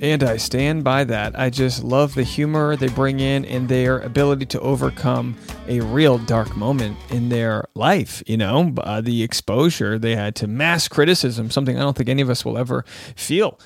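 A man's voice: mid-range voice, moderate pace, vocal fry, faint music behind. A man hosting a podcast, chatting casually and joking between played clips. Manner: joking, chatty, lots of asides. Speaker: podcast host.

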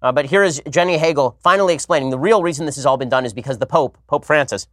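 A man's voice: a little high, fast talker, fairly bright tone, no echo, clean studio sound. A man in his thirties hosting a podcast, telling a rambling story with wry, sarcastic asides. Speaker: podcast host. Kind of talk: casual monologue and commentary.

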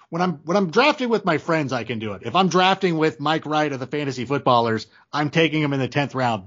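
A man's voice: a little high, a bit bright, dull audio. A man talking as a podcast guest, chatty and enthusiastic, often restarting his sentences. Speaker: podcast guest, fantasy football analyst. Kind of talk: casual podcast chat.

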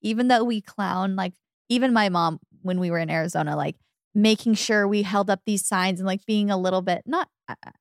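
A woman's voice: medium pitch, a little fast, no room sound. Young woman podcast co-host, chatty storyteller, dry close mic. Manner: chatty storyteller, often acting out her mom's lines. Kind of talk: casual chat.

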